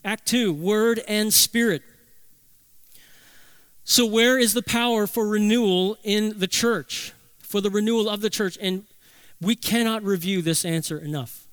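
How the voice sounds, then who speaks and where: A man preaching a sermon as pastor, emphatic, slowing down to stress key phrases. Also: sits high, fairly even intonation, a bit bright, smooth, no echo.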